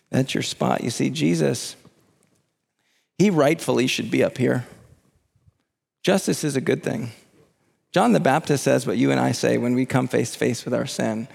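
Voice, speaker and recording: Impassioned preaching man, gravelly. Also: medium pitch, normal speed, long reverb tail. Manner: impassioned preaching, rising to near-shouts at the climax. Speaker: pastor. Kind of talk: sermon.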